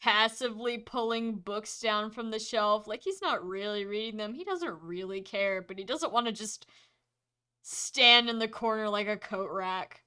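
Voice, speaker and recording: Woman game master, bright, crisp voice, chatty, laughs often. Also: mid-range voice, unhurried. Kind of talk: narrating a tabletop game.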